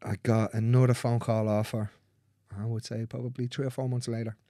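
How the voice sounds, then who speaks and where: A man's voice: mid-range voice, flat delivery, fairly quick, dark tone, dry recording, studio quality. A man working as a manual therapist, telling stories about clients in a casual conversation, blunt and swearing freely as he acts out what people said.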